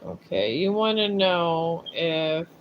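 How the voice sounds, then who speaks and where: On a livestream with a streaming setup, a man reads tarot cards while chatting casually and rambling from one topic to the next. His slightly high voice has a sing-song lilt and an unhurried pace, though the audio is dull and carries background noise.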